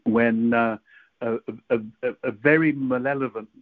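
A man talking in casual chat, halting and stammering often as he recounts an experience. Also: medium pitch, fairly even intonation, dry recording. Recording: dry tinny phone-like line.

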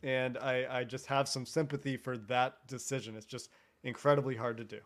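A man from Cincinnati, a podcast host guesting on a sports show, talking in a measured, thoughtful way. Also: mid-range voice, flat delivery. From Cincinnati, United States. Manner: measured, thoughtful, frequent restarts. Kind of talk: casual sports talk.

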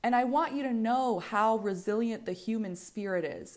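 A woman's voice: on the high side, normal speed, hardly any pauses, a little mellow. A woman in her twenties with an American accent, hosting a solo podcast in a candid, rambling way, swearing freely and often restarting her sentences. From United States. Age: 20s. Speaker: podcast host.

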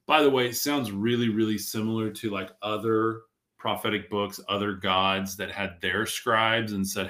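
A man's voice: lowish voice, fairly even intonation, normal speed, bright, forceful tone. A man hosting a casual live stream, rambling and reading viewer comments aloud, his voice worn from talking all day. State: losing his voice. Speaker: podcast host reading live chat. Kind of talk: casual livestream talk. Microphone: streaming from a tablet.

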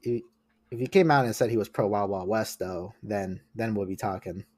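A man's voice: fairly low pitch, normal speed, darkish tone, slightly rough, no room sound, studio quality. A man in his late twenties, a comic artist guest in casual podcast chat, rambling and self-mocking and often restarting his sentences. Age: late 20s.

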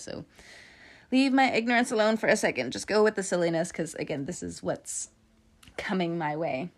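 A woman giving a casual tarot reading, chatty and playful, laughing often and swearing now and then. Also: on the low side. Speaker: tarot reader.

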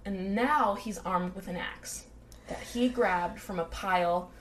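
Animated woman telling a true-crime story. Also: medium pitch, slow, slight background noise. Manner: animated, swearing, acts out quotes. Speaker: podcast co-host.

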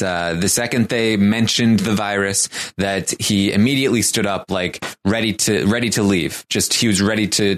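A man with a very low voice gives a casual recap of a show. He talks in a halting way, pausing and restarting often. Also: a bit bright. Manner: halting, many fillers and restarts.

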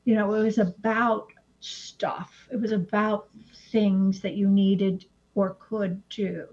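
A woman who teaches astrology, chatting in an animated way and often acting out little quotes. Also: medium pitch, slow. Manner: animated, slips into acted-out quotes. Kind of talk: casual conversation. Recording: dull lo-fi sound.

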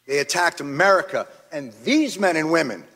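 Fired up guy testifying, kinda high voice, long echo from a big hearing room. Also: expressive, normal speed. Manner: angry, forceful, emphatic. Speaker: witness testifying at a congressional hearing. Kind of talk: impassioned prepared testimony. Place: large hearing chamber.

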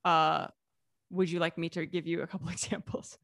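American woman, relaxed chatty guest, laughs a lot, dry close sound. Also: on the low side, moderate pace, gravelly, no room sound. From United States. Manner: lively, laughs often, many fillers and restarts. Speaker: author and vlogger guest. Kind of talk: casual interview conversation.

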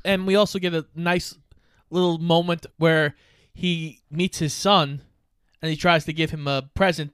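A man's voice: on the high side, a bit bright, clear, resonant tone, no echo, studio quality. A young man co-hosting a podcast, casually summarizing a movie plot in an easygoing way. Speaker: podcast co-host. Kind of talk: casual movie recap chat.

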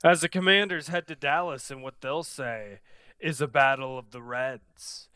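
A man co-hosting a sports podcast, reading punchy game previews and trading deadpan jokes. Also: medium pitch, a little slow, clear, resonant tone, dry recording, studio quality. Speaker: podcast co-host. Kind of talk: casual sports podcast banter.

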